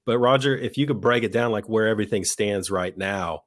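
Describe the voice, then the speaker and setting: A man co-hosting a podcast, talking politics in a heated, profane, mocking way, his voice jumping into high-pitched outbursts. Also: a little fast. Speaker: podcast co-host.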